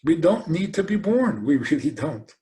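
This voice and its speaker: A rabbi giving a lecture, telling stories animatedly and asking rhetorical questions. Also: male voice, a little high, normal speed. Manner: animated storytelling, acts out quoted voices.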